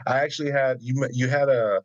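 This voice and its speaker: A man co-hosting a podcast in relaxed, casual chat, swearing easily and speaking in a drawn-out way. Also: medium pitch, dry recording. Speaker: podcast co-host. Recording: dull, dry lo-fi sound.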